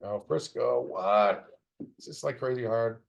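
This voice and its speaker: Gravelly and unhurried at a medium pitch, a tired middle-aged man yawns through a live stream, muttering as he cracks a puzzle. His commentary is casual, with playful jabs at the puzzle's setter.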